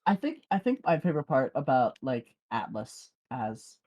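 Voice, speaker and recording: A man's voice: medium pitch, sing-song, normal speed, dull audio. Easygoing laughing young man podcaster. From Southern United States. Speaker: podcast co-host. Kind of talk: casual chat.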